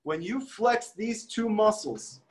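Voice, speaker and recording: Earnest high-voiced rabbi teaching. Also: male voice, animated, takes it slowly. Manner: earnest, emphatic, repeats points. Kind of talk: Torah teaching talk.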